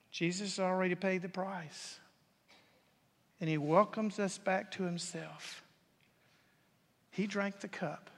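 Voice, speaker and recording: A man with a high voice delivers a sermon from the pulpit, swinging between ringing declarations and near-whispers. His voice carries a long, lingering reverb off the walls of a large church sanctuary. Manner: dramatic swings from loud to whispered. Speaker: pastor.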